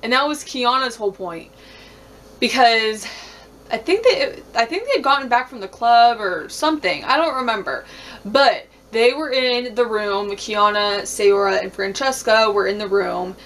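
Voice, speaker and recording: Female vlogger, slightly high voice, profane and animated reality-show recap. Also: a little slow. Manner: blunt, profane, heavy use of "like"; animated, laughs often.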